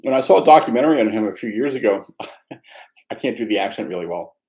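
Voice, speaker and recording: A man teaching meditation, speaking in a reflective, conversational way with a gently self-mocking humor. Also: fairly low pitch, expressive, fast talker, low-quality recording. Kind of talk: mindfulness dharma talk.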